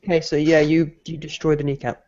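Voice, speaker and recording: A man narrating a tabletop game as game master, often halting and restarting as he describes the combat. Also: fairly high pitch, flat delivery, dark tone. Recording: lo-fi mic with faint noise.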